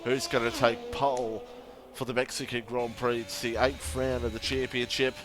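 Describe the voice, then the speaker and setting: A young man calls a sim racing qualifying session on a live stream, talking casually and laughing often as he jokes with chat. His voice sits at an ordinary middle pitch, with faint music playing underneath. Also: flat delivery, moderate pace. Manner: chatty and laughing, banters with chat and co-hosts. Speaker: sim racing league commentator.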